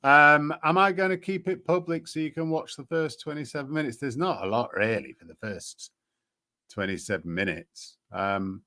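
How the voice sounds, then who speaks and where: A man's voice: fairly high pitch, moderate pace, pushed and bright. A man hosting a casual commentary show, sarcastic and rambling, with frequent hesitations. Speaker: host.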